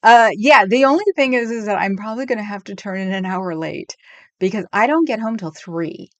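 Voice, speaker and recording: A woman's voice: medium pitch, a little fast, no echo. A middle-aged woman from California hosting a livestream, chatting casually and rambling with frequent laughs, at home on a desk microphone. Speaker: livestream host. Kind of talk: casual chat with live chat.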